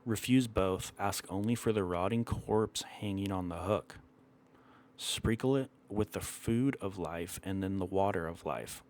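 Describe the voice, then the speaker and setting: A man reading the lines of an ancient male god who gives calm, exact instructions in a measured, instructive way. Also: low-pitched.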